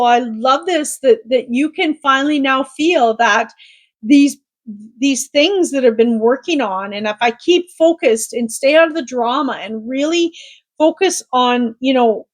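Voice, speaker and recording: A middle-aged woman from Canada speaks to camera as a tarot reader, her voice pitched a little high. She talks in a gentle, reassuring way, often pausing on fillers and restarting her sentences. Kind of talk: intuitive tarot reading to camera.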